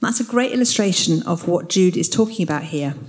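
A woman's voice: lowish voice, animated, fairly quick, a little mellow. A woman teaching the Bible in an earnest, explanatory way. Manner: earnest, explanatory, reads scripture aloud.

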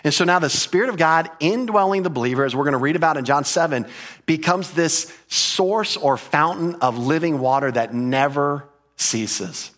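A man's voice: a little high, moderate pace, fairly bright tone. A man preaching an expository sermon, explaining Greek grammar and repeating key phrases for emphasis. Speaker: pastor.

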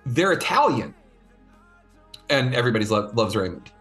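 Podcast co-host: a mid-pitched man with a lively, expressive delivery and casual swearing. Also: normal speed, faint music behind. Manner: animated, swears, laughs. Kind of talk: casual chat.

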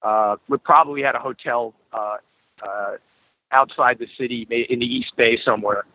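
A middle-aged man spinning a story, and he jumps into the voices of the people in it. His voice sounds husky and comes over a thin, phone-like line with no room sound around it. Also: medium pitch, normal speed, no echo. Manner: animated storyteller, acts out quoted dialogue. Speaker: guest musician. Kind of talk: storytelling in a podcast interview. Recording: tinny phone-like call audio.

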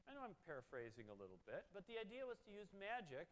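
A man's voice: sits high, wildly swooping pitch, fast, few pauses. A man giving a sermon in a conversational, joking way, with asides to his listeners. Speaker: preacher. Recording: long reverb of a large hall.

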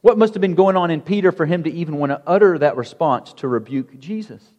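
A pastor preaching a sermon in a conversational way, asking the congregation rhetorical questions. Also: male voice, fairly high pitch, fast talker, a little mellow, lo-fi sound. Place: church sanctuary. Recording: long church hall reverb.

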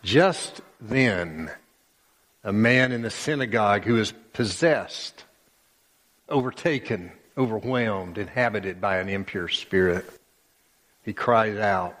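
Low, unhurried male pastor, dramatic sermon delivery, long sanctuary reverb. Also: fairly bright tone. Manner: emphatic, dramatic storytelling.

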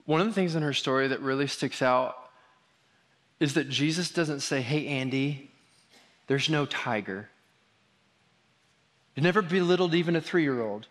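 A male pastor preaches in a church, with a somewhat high voice. He is informal and encouraging and repeats short phrases to drive them home. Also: moderate pace, long pauses, fairly bright tone. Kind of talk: sermon. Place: church sanctuary.

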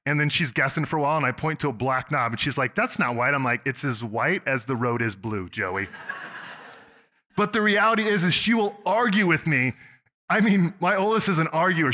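Bright, chatty man preaching a sermon. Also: fairly high pitch. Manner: conversational, self-deprecating, with restarts and laughs. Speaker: pastor.

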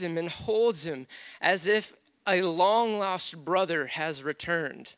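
A man's voice: fairly high pitch, takes it slowly, fairly bright tone, smooth, no echo, studio quality. A man in his thirties preaching in a church, telling stories casually with frequent restarts. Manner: conversational storytelling with many restarts. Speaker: pastor. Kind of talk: sermon.

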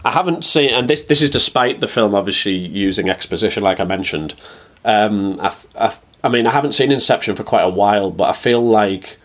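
A man with a fairly low voice chats casually about films on a podcast. He is measured and often hesitant as he starts his thoughts. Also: expressive. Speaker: podcast co-host. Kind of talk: casual film review chat.

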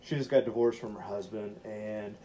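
A man's voice: fairly low pitch, normal speed, a little hiss or hum. A man co-hosting a podcast, telling a story in casual chat, rambling with lots of "like" and swearing, and acting out the voices in his quotes. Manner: rambling, heavy use of "like" and swearing; animated, acts out voices in retold quotes. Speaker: podcast co-host.

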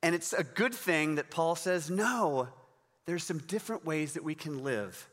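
Guy preaching, bright voice sitting a bit high, chatty and encouraging. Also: lively intonation, a little slow, in a large hall. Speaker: pastor. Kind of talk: sermon.

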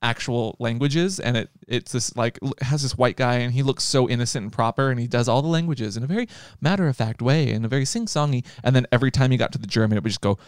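Animated joking man, smooth dry voice. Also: no room sound. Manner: animated, joking, quick shifts in pitch. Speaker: podcast co-host. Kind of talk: casual banter.

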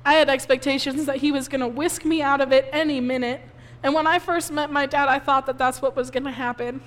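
Woman pastor, tearful sermon testimony, high voice, long hall reverb. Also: fairly even intonation, brisk. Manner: emotional personal testimony, tearful at times. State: crying softly.

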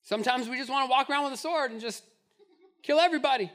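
A man preaching a sermon in an animated way, acting out the voices of the people in his stories. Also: extremely high pitch, fast. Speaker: pastor.

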